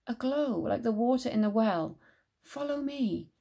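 A woman voicing a brave, fierce young girl in a storybook reading, with a bold, quick manner. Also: on the high side, animated, gravelly, warm tone, voice pushed up, heavily acted.

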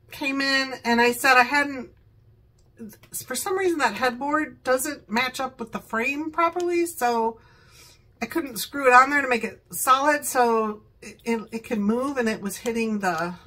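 An older woman, a grandmother, chats in her living room at home, showing off products she bought in a haul-style vlog, often going off topic and laughing. Her voice is high-pitched, bright, and forceful, and the recording quality is low.

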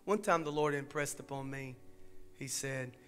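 A man preaching a sermon as pastor, starting soft and low and building to fervent exhortation. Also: normal speed, clean tone, soft background music. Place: church sanctuary.

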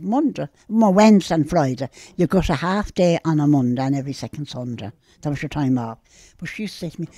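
An elderly Irish woman with a Dublin accent, telling stories from her youth to an interviewer in a lively, plain-spoken way. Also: deep voice, creaky, husky, no echo. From Ireland. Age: older. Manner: lively and plain-spoken, acting out old conversations. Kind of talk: storytelling reminiscence.

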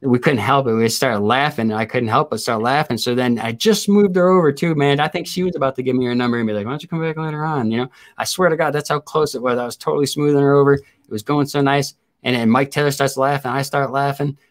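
A man's voice: medium pitch, quick pace, hardly any pauses. A man in his forties hosting a casual chat, telling crude stories and laughing often. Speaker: host.

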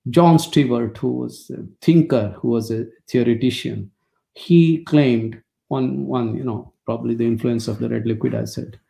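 Older man, warm gravelly lecturer, dry anecdotal humor, webinar call mic. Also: mid-range voice, steady tone, normal speed. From India. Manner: anecdotal, wry storytelling with dry jokes.

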